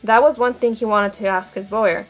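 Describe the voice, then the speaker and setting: A woman's voice: medium pitch, a little fast, faint music behind. A woman reading a novel aloud, giving the dialogue light character voices. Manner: steady storytelling with quoted dialogue. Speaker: audiobook reader.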